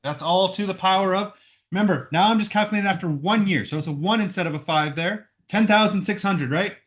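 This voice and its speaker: Recording a lesson at home with a computer mic, a male math teacher talks out every step of a problem a little fast. His voice is somewhat high, and he regularly checks in with "right?".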